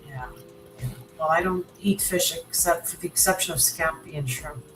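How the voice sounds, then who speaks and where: A woman from Canada hosts a livestream and chats easily with her guest, her voice sitting a little low. She stops now and then to read out what viewers write. Faint music plays underneath. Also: normal speed, poor audio. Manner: chatty, warm laughs, reads viewer comments aloud. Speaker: livestream host. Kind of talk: casual chat.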